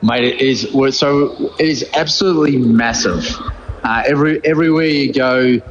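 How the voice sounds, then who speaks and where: A man's voice: medium pitch, moderate pace, dull audio, slight background noise. A man with a New Zealand accent, a former rugby player calling in from abroad and telling stories with lots of laughter. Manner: excitable, laughing storyteller. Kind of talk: casual phone-in chat.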